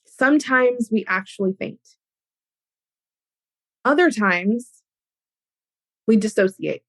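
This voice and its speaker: A woman hosting an educational podcast, explaining ideas in an animated way with everyday examples. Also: a little high, takes it slowly, no room sound. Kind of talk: teaching talk on a podcast.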